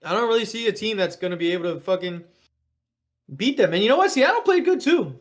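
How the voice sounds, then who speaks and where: A podcast co-host in casual sports chat, excitable and swearing, with the voice jumping up when worked up. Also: fast talker. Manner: excitable, swearing, pitch jumps up when fired up.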